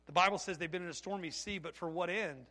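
A man preaching a sermon, telling stories with animated energy and bursting into shouted quotes. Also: high voice, fast. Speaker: pastor. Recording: long hall reverb.

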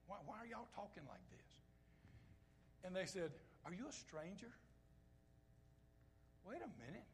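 Man, high voice, preaching, swings from hushed to loud, impassioned, conversational. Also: very animated, unhurried, pauses often, slight background noise. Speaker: pastor. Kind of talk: sermon.

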